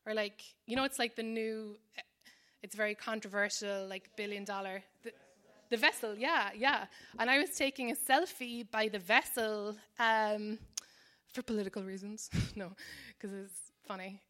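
A woman's voice: medium pitch, fairly even intonation, moderate pace, a bit bright. A woman in her thirties with an Irish accent, telling a rambling, self-deprecating stand-up story full of fillers and asides. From Ireland. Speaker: comedian. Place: New York.

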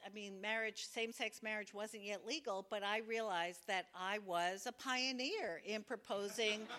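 Woman, live storyteller, wry, self-deprecating, plays the quoted voices, slow, bright. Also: medium pitch.

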